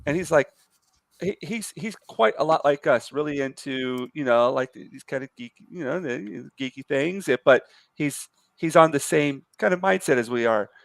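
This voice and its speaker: A man's voice: fairly high pitch, lively intonation, normal speed, gravelly, dry recording. A man hosting a live art stream, telling stories in a rambling, easygoing way. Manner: rambling, many fillers and restarts. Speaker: stream host. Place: home, lives in Japan.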